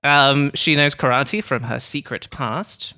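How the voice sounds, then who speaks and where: Male comedy podcast host, clear bright tone, meandering delivery. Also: mid-range voice. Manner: rambling, halting with fillers.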